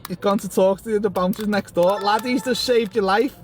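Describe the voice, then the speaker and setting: A man's voice: sits high, brisk, noisy background. Mocking scouse man filming outdoors. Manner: mocking, excitable. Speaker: street filmer. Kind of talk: live street commentary.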